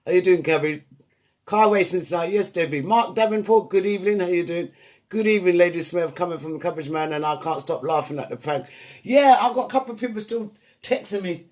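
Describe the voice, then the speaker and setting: A man's voice: high voice, brisk. A man hosting a live online show, playfully greeting viewers from the chat by name. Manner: lively, playful, shouting out names one after another. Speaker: host.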